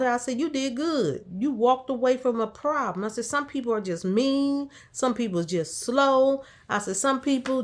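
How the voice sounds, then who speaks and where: A woman casually telling a story from her caregiving job, quoting herself and a patient back and forth, with an encouraging, faith-tinged way of talking. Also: high voice. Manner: encouraging, faith-infused talk. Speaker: caregiver sharing a workday story.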